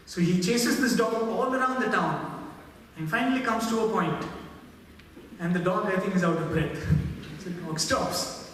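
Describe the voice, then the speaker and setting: A man's voice: sits high, moderate pace, fairly bright tone, slight background noise. A man giving a devotional talk, telling stories and checking in with his audience. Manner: storytelling, often adds "right?". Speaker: spiritual speaker. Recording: echoey hall from far off.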